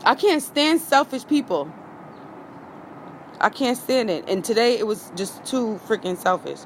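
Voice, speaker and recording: A woman's voice: fairly high pitch, lively intonation, unhurried, slight background noise. A woman ranting on a phone livestream outdoors, heated and profane, hammering her points with repetition. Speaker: vlogger going live. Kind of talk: impassioned live-stream rant.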